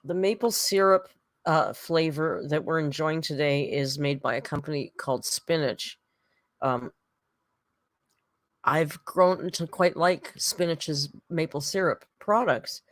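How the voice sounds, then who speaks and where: A woman with a low voice, recorded close and dry, hosts a relaxed reaction stream. She talks in a wry, offhand way, swears casually and stops to read viewer messages aloud. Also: a little slow, dry recording. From Canada. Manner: wry, swearing, reads super chats aloud.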